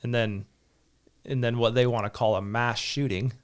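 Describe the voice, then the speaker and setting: A man hosts a casual podcast, talking in loose, rambling anecdotes. He laughs often as he goes, and his voice sits in a middle pitch. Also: fairly even intonation, moderate pace. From Southern Utah. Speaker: podcast host. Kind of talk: casual chat.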